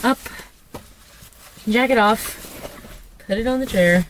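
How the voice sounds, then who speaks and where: A woman's voice: fairly low pitch, fairly even intonation, a little slow, long pauses. A woman rehearsing alone in her car, muttering offhand asides and stage directions to herself. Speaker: actor rehearsing. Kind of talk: casual self-talk and stage directions. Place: front seat of a car.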